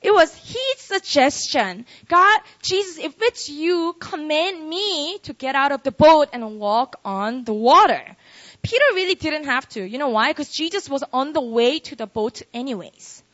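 A woman preaching a sermon in a lively, conversational way, acting out quotes. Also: high-pitched, measured pace. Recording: dull lo-fi recording.

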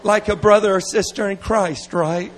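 A middle-aged man preaching at a revival service, animated and playful, with laughing asides. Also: sits high, moderate pace, noisy background. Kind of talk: revival sermon.

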